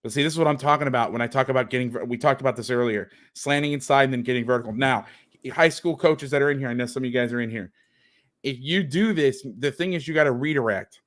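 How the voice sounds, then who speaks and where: A man's voice: medium pitch, fast talker, fairly bright tone. A man hosting as a football coach, breaking down game film on a video call with sarcastic, exasperated commentary.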